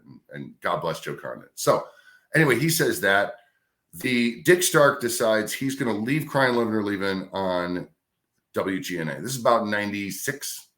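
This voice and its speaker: A middle-aged man, a radio host, telling a career story in a casual, animated way. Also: on the low side. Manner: animated anecdote telling with acted-out quotes. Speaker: radio host, podcast guest.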